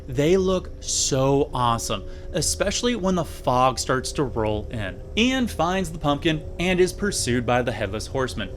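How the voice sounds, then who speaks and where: A man's voice: mid-range voice, sing-song, a little slow, few pauses, soft background music. A man casually reviewing an old episode with sarcastic, jokey asides. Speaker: video reviewer.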